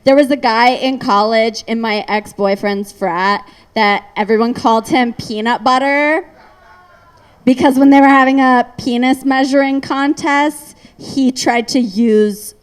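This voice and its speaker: Woman, high voice, slow delivery, comedy host, teasing, crude, brewery taproom stage. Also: smooth. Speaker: open mic host. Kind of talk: comedy emcee banter.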